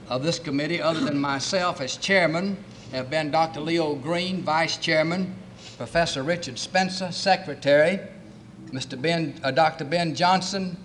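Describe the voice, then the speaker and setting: A man chairing a committee, giving a formal, measured welcome address and reading out lists of honored guests. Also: a little high, fairly bright tone, slight background noise.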